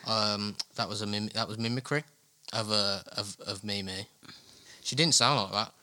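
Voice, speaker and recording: A man co-hosting a podcast, dropping deadpan jokes in casual chat. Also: on the low side, normal speed, dry recording. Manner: joking, deadpan quips. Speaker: podcast co-host.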